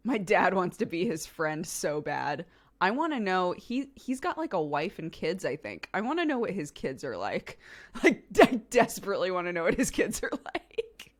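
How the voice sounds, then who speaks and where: A young woman streamer in casual chat, relaxed and giggly, rambling with lots of fillers. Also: fairly low pitch, moderate pace.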